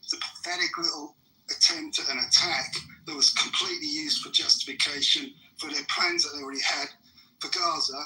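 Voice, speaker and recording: A man tears into his opponent in a furious, swear-laden rant. His tone is sharp and cutting, sitting a touch high. He argues relentlessly in a heated live debate. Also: animated, brisk, rough recording. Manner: furious, profane ranting. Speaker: debate participant.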